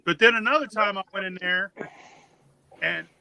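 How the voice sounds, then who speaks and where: A man co-hosting a podcast, telling crude stories with animated, profane energy and acting out what people said. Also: high-pitched, moderate pace, a little hiss or hum. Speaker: podcast co-host. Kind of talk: casual storytelling.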